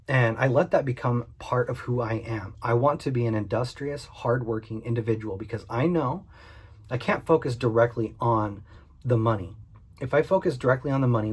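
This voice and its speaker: A man's voice: medium pitch, slightly rough. A man and small business owner speaking earnestly and candidly in a vlog monologue, repeating his points for emphasis. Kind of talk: direct-to-camera vlog monologue.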